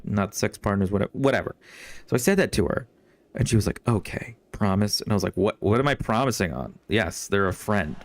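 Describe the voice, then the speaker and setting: Rambling, profane young man, low voice. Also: expressive, a little fast. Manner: rambling, profane, with many fillers and restarts. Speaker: streamer. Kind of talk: casual storytelling while gaming.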